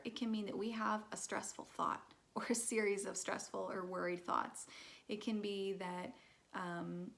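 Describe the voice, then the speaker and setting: A woman's voice: medium pitch, gravelly, fairly bright tone. A woman teaching a casual mindfulness lesson in a chatty way, with frequent laughs and fillers.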